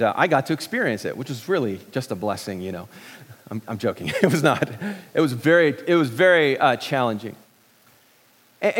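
A middle-aged pastor preaching a sermon in a relaxed, joking way, with many restarts and fillers. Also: male voice, mid-range voice, long reverb tail.

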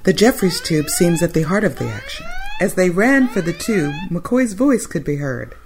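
A podcast co-host taking turns reading a rhyming holiday poem aloud, with expressive delivery that drops low for the narration tags. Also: moderate pace, background noise.

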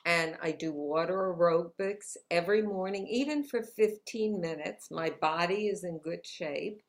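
Woman, slow deliberate pace, fairly low voice, upbeat motivational interview talk. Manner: upbeat, motivational, laughs often. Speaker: guest, author. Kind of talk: conversational interview. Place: New York City.

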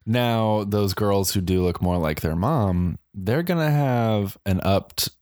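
Deep-voiced deadpan podcast guy. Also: slow pace, no echo, clean studio sound. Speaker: comedy podcast co-host. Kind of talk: casual comedic banter.

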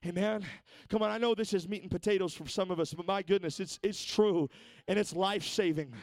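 A man's voice: high-pitched, fairly quick, a little mellow, no echo. A man preaching a Pentecostal sermon in church, repeating words as he moves from conversational talk to fervent exhortation. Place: church sanctuary.

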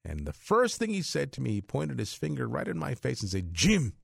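A man's voice: medium pitch, wildly swooping pitch, fairly quick, creaky, breathy edge, no echo. A middle-aged man hosting a religious radio show from a studio, talking in a rambling, chatty way and chuckling between thoughts. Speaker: radio host. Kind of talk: casual on-air talk. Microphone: studio microphone.

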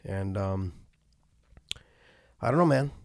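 A man's voice: low voice, lively intonation, slow, darkish tone, no echo, studio quality. A middle-aged man hosting a casual podcast, talking earnestly with many restarts and fillers. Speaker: podcast host and former fighter.

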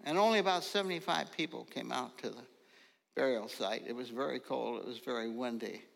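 Older gravelly-voiced preacher, unhurried folksy storyteller, recorded in a reverberant sanctuary. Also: male voice, mid-range voice. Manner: slow storytelling, bursts into loud ringing calls. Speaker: pastor. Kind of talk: folksy sermon with stories. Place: church sanctuary. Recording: long reverb of a large hall.

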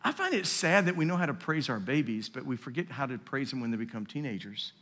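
Lively, bright-voiced male preacher. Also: medium pitch, fast talker. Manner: preaching with call-and-response asides, builds to shouting. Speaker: pastor. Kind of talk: sermon.

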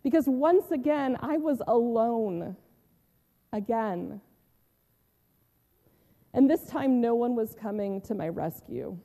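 A pastor doing an earnest woman disciple, recounting her loss slowly and intimately in a high, mellow voice. The telling is unhurried, full of pauses that let each line settle. Her voice rings out with a long church reverb behind it. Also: expressive, full character voice. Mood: sorrowful. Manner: heartfelt storytelling with long pauses and soft drops. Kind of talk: first-person dramatic retelling in a sermon.

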